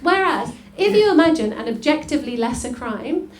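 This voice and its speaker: A woman's voice: sits high, animated, moderate pace. A young woman from the UK doing stand-up comedy, chatty, laughing, full of "like" as she talks to the crowd. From United Kingdom. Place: comedy venue stage. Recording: echoey room with loud noise.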